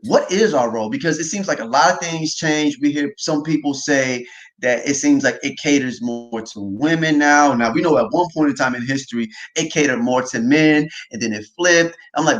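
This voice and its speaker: A man hosting a casual faith talk livestream, animated and often laughing, tagging lines with "right?". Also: fairly high pitch, low-quality recording. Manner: animated, quick to laugh, repeats himself, says "right?" often. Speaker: podcast host.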